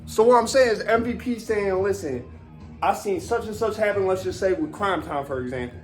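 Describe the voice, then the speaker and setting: A man in his forties rants in a casual podcast style, swearing freely and circling back on himself. His voice sits high for a man. Faint music plays underneath. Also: fairly quick. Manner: animated, profane, rambling with many fillers. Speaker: former wrestler.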